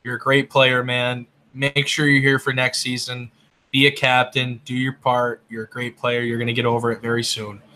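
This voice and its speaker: Bright, loud, profane guy ribbing friends. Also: medium pitch, monotone, moderate pace. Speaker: gaming podcast regular. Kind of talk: casual group chat.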